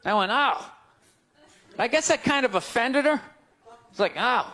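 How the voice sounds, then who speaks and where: A middle-aged man doing a stand-up comedy set, ranting in an exasperated way and breaking into sudden shouts, at a comedy club. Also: extremely high pitch, expressive, unhurried. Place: comedy club stage before a laughing crowd. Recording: live club recording, loud crowd laughter, noisy.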